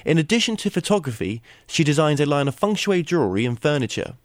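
A man's voice: fairly high pitch, very animated, fast, dry recording, studio quality. A man hosting an interview show, introducing his guest and asking questions in a friendly conversational way. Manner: friendly conversational, some fillers and restarts. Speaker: radio show host.

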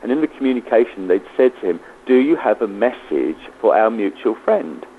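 A man's voice: on the low side, sing-song, normal speed, phone-quality sound, a little hiss or hum. A man, a medium, telling stories in an interview and acting out the people he quotes. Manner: anecdotal, acts out quoted voices. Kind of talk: storytelling interview.

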